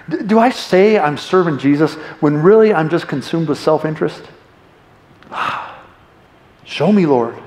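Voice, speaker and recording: Echoey preaching man. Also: high voice. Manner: conversational, jokey, asks the congregation questions. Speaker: pastor. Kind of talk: sermon. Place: church hall. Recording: echoey church room.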